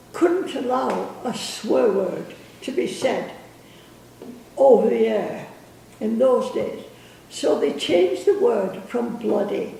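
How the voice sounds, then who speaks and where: Elderly grandma rambling slowly, gravelly, sing-song ups and downs, echoey room far from the mic. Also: female voice, fairly high pitch, a little mellow, slight background noise. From England. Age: older. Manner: halting, loses her thread, chuckles. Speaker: grandmother telling stories. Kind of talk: casual storytelling.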